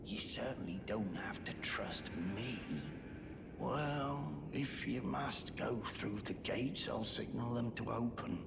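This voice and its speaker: An actor playing a sly, shifty old gatekeeper in a hushed, conspiratorial whispered role-play for a video game. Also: male voice, mid-range voice, takes it slowly, gravelly, heavy background noise.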